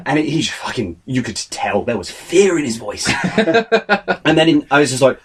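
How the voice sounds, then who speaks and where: A man's voice: mid-range voice, sing-song, measured pace, breathy edge. A man in casual podcast chat, telling a long sweary anecdote and laughing as he goes. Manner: rambling storyteller, swears often, laughs through his story. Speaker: podcast co-host.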